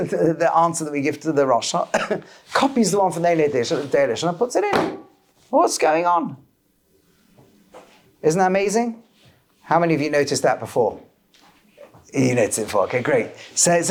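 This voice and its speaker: A man teaching a lively class as a rabbi, questioning his students and mixing Hebrew terms into English. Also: a little high. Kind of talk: lively Torah class lecture.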